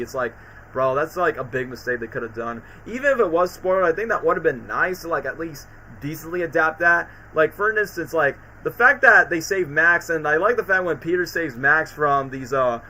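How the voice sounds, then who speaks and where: A man hosting a casual livestream from home, talking in a bright, forceful voice that sits a little high. He rambles on, full of "like" and "bro." A faint hiss of noise sits under him. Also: expressive, low-quality recording. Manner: rambling, fast, peppered with "like" and "bro". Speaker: streamer and channel host.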